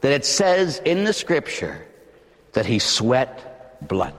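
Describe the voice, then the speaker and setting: A man preaching a sermon in a church, acting out scenes and swinging from hushed tones to shouting. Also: mid-range voice, wildly swooping pitch, slow. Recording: long reverb of a large hall.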